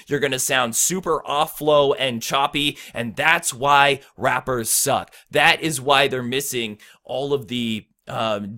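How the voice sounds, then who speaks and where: A young man giving a casual, energetic lesson on rapping, counting out beats and getting excited about his subject. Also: mid-range voice. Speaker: rap teacher. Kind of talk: casual instructional talk.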